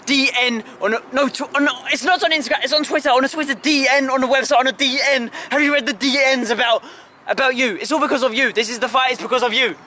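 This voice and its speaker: Young man, very high and bright, stammering comic rant with shouted bursts, outdoors, faint noise behind. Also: fast talker. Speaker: channel host. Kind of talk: comic ranting vlog. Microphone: camera held by a friend.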